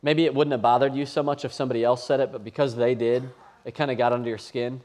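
A man's voice: medium pitch, flat delivery, quick pace, darkish tone. Male pastor in his thirties, storytelling sermon to a live congregation, chatty and self-deprecating. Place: church campus before a live audience.

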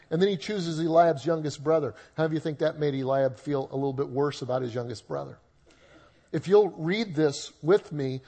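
A man's voice: on the high side, darkish tone. A male pastor preaching a sermon in a conversational way with humorous asides.

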